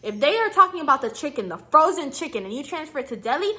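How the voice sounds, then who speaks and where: Talking fast in a high, sing-song voice that sounds pushed and bright, a young woman in her twenties hands out casual, slangy customer service tips to her viewers. In this advice vlog, she acts out lines for both clerks and customers.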